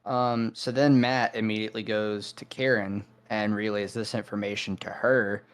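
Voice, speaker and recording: A man's voice: lowish voice, little pitch movement, normal speed, clear, resonant tone. A man co-hosting a casual film review podcast, summarizing the plot hesitantly with many ums and uhs. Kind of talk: casual chat.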